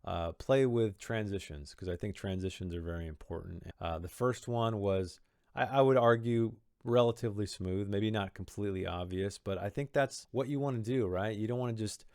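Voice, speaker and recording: The speaker is a man whose voice sits on the low side, slightly mellow, at a normal speed, heard in studio quality without room sound. He offers reflective commentary on a story he wrote, musing over his choices with a rambling delivery and many restarts.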